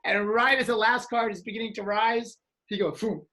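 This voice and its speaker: A man telling a story in casual chat, animated and acting out reactions with exclamations. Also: sits high, normal speed.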